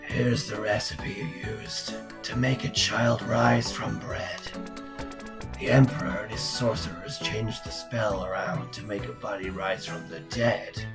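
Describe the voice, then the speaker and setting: A man putting on a low, gruff sardonic voice. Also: steady tone, unhurried, music in the background. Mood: grim. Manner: quiet, low and dry.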